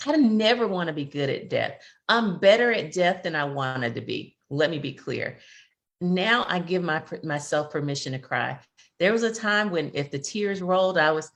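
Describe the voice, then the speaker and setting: Woman, low deep pitch, middle-aged, earnest reflective co-host, repeats words. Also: a bit bright. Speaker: podcast co-host and grief expert. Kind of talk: casual faith-based chat.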